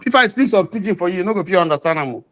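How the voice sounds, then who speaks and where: A man's voice: sits high, animated, very fast, fairly bright tone. A Nigerian man joining a livestream discussion as a guest, talking conversationally in a mix of Pidgin and English. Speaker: guest caller.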